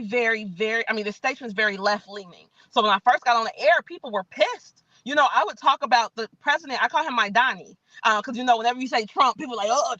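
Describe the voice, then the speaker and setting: Bright-voiced, emphatic woman. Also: a little high, no room sound, dull audio. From Chicago, US. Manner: animated, folksy, emphatic. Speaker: guest. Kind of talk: conversational interview. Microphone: podcast mic.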